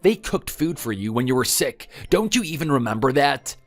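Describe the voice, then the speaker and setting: A man plays a defensive husband in a texting-story drama. His mid-range voice rises and falls animatedly as he justifies himself and pleads. Soft music plays behind him. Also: medium pitch, sing-song, normal speed. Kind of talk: text-message story dramatization.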